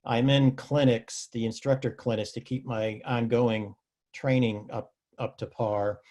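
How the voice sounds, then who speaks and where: A man's voice: medium pitch, fairly even intonation, measured pace, a little mellow. Man hosting a video call interview. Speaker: host.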